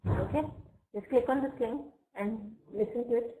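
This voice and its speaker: A woman teaching English vocabulary in a live online class. She explains each word slowly and patiently and often checks with "okay?". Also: a little high, dark tone, low-quality recording.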